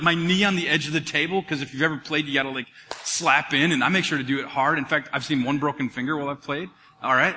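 A man preaching a sermon as pastor, animated and jokey, acting out the voices in the story. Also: high-pitched, in a large hall.

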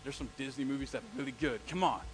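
A man, a pastor, preaching a live sermon, telling stories in an animated way and asking the congregation questions. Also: medium pitch, quick pace, breathy edge, poor audio.

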